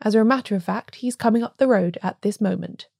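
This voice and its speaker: A woman reading as a small, plain priest who speaks in a quiet, dull, colourless voice. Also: mid-range voice, brisk, vocal fry, no room sound, clean studio sound.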